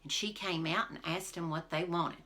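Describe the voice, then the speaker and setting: Bright-voiced teacher reading a story aloud. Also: female voice, fairly low pitch, moderate pace. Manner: expressive, addresses listeners directly. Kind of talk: storybook read-aloud for a class.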